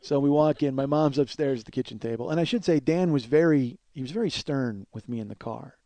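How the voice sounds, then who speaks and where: A man's voice: mid-range voice, fairly quick, warm tone. A man in his forties hosting a comedy podcast, telling a rambling, profane, self-deprecating story. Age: 40s. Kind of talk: storytelling monologue.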